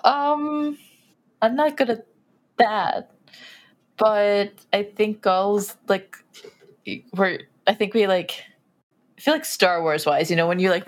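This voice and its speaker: A woman playing a tabletop game, animated and full of fillers as she describes her moves. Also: mid-range voice. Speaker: player.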